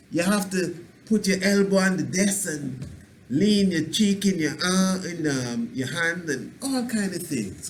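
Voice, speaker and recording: Man, spiritual teacher on a radio talk; loose preachy delivery, mid pitch, faint noise under it. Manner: preachy, rambling, plays out little scenes in a dialect voice. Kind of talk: radio self-help talk.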